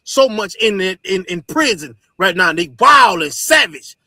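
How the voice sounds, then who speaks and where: A man preaching forcefully to his listeners, repeating "you understand" and swearing often. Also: sits high, lively intonation, unhurried, no echo, clean studio sound. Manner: forceful, repetitive, profane. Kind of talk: street sermon teaching.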